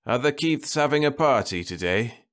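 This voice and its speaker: A man's voice: mid-range voice, lively intonation, moderate pace, a bit bright, pitched above the performer's own voice, lightly acted. A man voicing a stubborn dying old spaceman who talks with sardonic defiance from his bed. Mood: insistent.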